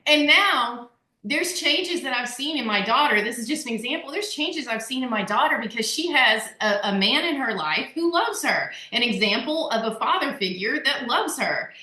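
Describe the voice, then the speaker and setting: A woman co-hosting a workshop discussion, talking in an animated, rambling way and laughing often. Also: high voice, moderate pace. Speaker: workshop co-host. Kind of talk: casual group discussion. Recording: echoey room.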